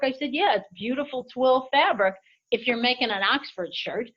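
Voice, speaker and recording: A woman's voice: fairly high pitch, fairly quick. Woman CEO telling business stories. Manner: animated anecdotes with lively quoted voices. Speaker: CEO of an apparel company, interview guest. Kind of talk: conversational interview, storytelling. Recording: dull lo-fi audio.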